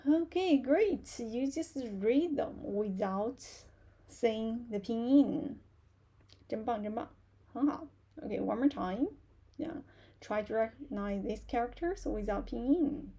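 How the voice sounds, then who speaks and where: Slow, patient woman teaching Chinese. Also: a little high, expressive, mellow, slightly rough. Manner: slow, patient, repeats words for learners to copy. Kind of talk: live online beginner lesson.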